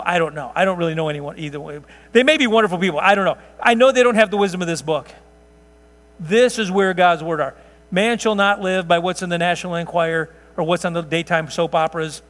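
Male preacher, folksy conversational sermon, high pitch, live church sanctuary. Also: a bit bright, long reverb tail. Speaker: pastor.

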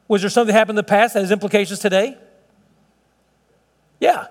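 Brief: middle-aged male pastor, high-pitched, earnest and chatty, church hall with long echo. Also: steady tone, rapid-fire, long pauses. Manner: earnest, conversational preaching with frequent restarts and chuckles. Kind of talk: sermon.

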